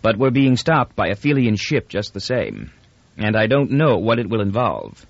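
A man's voice: lowish voice, big pitch swings, normal speed, creaky, dry recording, lo-fi sound, exaggerated voice. A male narrator voicing an irritable young man who gives terse, guarded answers in an audiobook.

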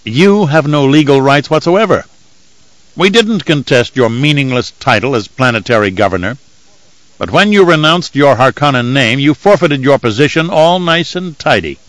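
A man's voice: medium pitch, animated, moderate pace, fairly bright tone, dry recording, voice pushed up, lightly acted, rough recording. A man reading an audiobook voices a cruel young nobleman, cold and taunting. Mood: menacing. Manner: mocking, coldly threatening.

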